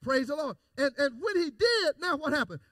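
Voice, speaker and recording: High-voiced preacher, shouting and lively. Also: male voice, moderate pace, no echo, clean studio sound. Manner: preaching with rising, shouted emphasis and repeated phrases. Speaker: pastor. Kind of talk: call-and-response sermon.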